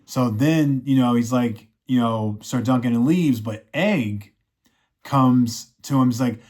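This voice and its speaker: A man's voice: mid-range voice, slow pace, a little mellow. A man giving a casual, rambling recap and review of a TV series, leaning on filler phrases and ending with an effusive, upbeat sign-off. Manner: rambling, leans on "you know" and "he's like". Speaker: TV show reviewer.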